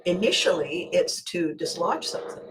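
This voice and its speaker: A woman's voice: lowish voice, lively intonation, normal speed, background noise. Chatty woman host who laughs easily. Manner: chatty, laughs often, restarts sentences. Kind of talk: casual livestream chat.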